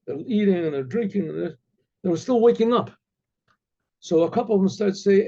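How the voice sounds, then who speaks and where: A male rabbi telling a story, halting and repeating himself with many asides. His voice is gravelly and husky, fairly high for a man. The recording sounds dull and lo-fi. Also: lively intonation, dark tone. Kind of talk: oral storytelling.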